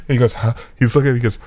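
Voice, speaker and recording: A man hosting a podcast, telling a rambling, self-mocking story in a casual chat with many fillers and chuckles. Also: on the low side. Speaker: podcast host.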